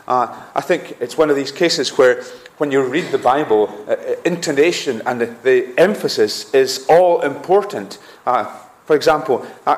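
A man's voice: fairly high pitch, echoey room. A man preaching a sermon with earnest emphasis, often restarting with "uh". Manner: earnest, rising emphasis on key phrases, frequent "uh" restarts.

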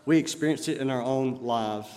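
A man's voice: medium pitch, normal speed, a little mellow. A male pastor preaching a sermon earnestly, with emphatic rises when quoting scripture. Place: church sanctuary. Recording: long reverb of a church hall.

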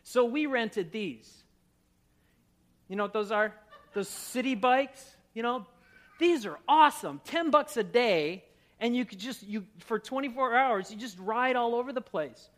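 Middle-aged male pastor from Minnesota, very high pitch, self-mocking, lively storyteller in the pulpit. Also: a little slow. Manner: animated, self-mocking storyteller who laughs at himself. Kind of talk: sermon with personal storytelling.

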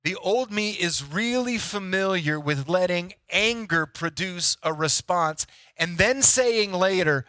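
A man's voice: high-pitched, expressive, slow, few pauses, sharp tone, no room sound, clean studio sound. A man preaching a sermon as a pastor, emphatic and repeating key lines for effect.

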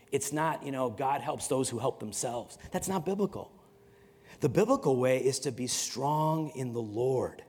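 A man's voice: medium pitch, darkish tone. A man preaching a sermon in a conversational way, often repeating words and acting out stories. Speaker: pastor. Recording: long hall reverb.

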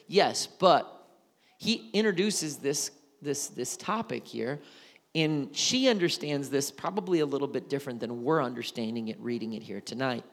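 A man preaching a sermon in an animated, conversational storytelling way. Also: on the high side, normal speed, long reverb tail.

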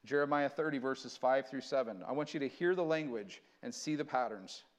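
A man preaching a sermon, switching between earnest conversational teaching and slow, dramatic scripture reading. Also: mid-range voice. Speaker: pastor.

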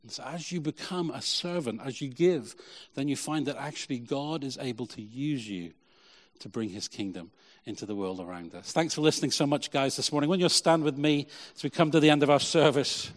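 Preaching man in a reverberant church. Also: medium pitch. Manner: lively preaching, repeated "Lord" in prayer. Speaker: pastor. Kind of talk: sermon. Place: church hall. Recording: long church hall reverb.

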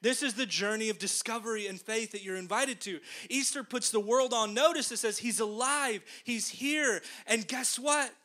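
Male pastor, high bright voice, casual animated sermon. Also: normal speed, few pauses. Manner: conversational, animated storytelling.

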